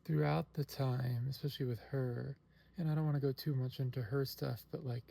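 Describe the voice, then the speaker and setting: A woman sharing a painful personal story in an earnest, halting way, often restarting her sentences. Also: extremely low pitch, fairly even intonation, creaky, dark tone. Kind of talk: emotional personal testimony.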